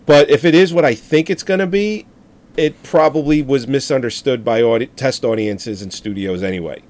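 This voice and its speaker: A man's voice: medium pitch, moderate pace, darkish tone. A man co-hosting a podcast, chatting casually and bluntly about upcoming movies, joking and swearing now and then. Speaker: podcast co-host.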